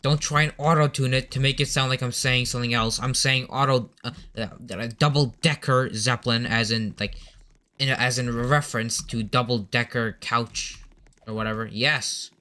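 A young man giving rambling, excitable commentary while playing an online game, with sudden outbursts. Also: mid-range voice, moderate pace. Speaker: gaming commentator. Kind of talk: casual gameplay commentary. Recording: noisy game audio behind.

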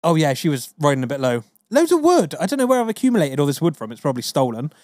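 A man's voice: on the high side, huge pitch swings, quick pace, darkish tone, no echo, clean studio sound. A man co-hosting a podcast, joking and laughing through casual banter. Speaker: podcast co-host.

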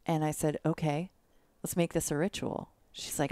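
Low, gravelly woman telling a story. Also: moderate pace, dry recording. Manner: animated, acts out quotes of others. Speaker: podcast guest. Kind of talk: casual storytelling.

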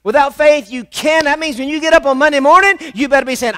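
Pastor, male, very high and bright-toned, emphatic sermon with call-and-response. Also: fast. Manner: emphatic, repetitive, calls on the congregation to respond. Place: church.

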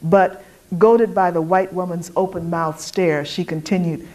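A woman reading literary fiction aloud at a poetry event, measured and expressive. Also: lowish voice. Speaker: reader.

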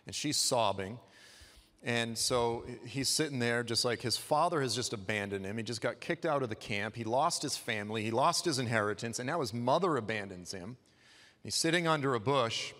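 A man's voice: a bit bright, long reverb tail. A man preaching a sermon in a church, retelling a Bible story in a casual, conversational way and acting out the quotes. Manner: conversational, acts out quotes with shifts in pitch and pace. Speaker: guest preacher.

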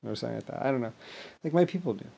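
A man talking in a rambling, grandiose monologue, mostly low and mumbled with sudden loud bursts, mocking others in blah-blah voices. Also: animated, very fast, vocal fry, a little hiss or hum. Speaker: vlogger.

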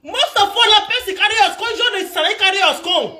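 Give me a woman arguing on a live video. Her voice is very high and sharp, and she laughs as she scolds. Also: a little fast, a little hiss or hum. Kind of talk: heated live-stream argument.

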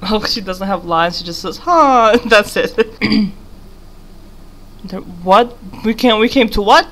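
A young woman chatters through a game session, laughing often and talking straight to the character on screen. Her voice is bright and middle-pitched, with a faint hiss of noise under the recording. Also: steady tone, unhurried. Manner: giggly, rambling, talks to game character. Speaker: gaming YouTuber. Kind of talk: casual gameplay commentary.

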